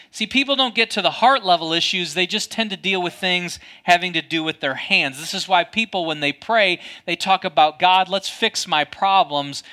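A man preaching a sermon, telling a personal story with a loud, booming voice. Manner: storytelling, dramatic, self-mocking. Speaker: pastor.

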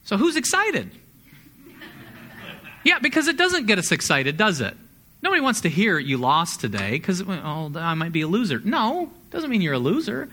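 A man preaching a sermon, a pastor talking in a conversational, energetic way and asking the congregation questions. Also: high-pitched, normal speed.

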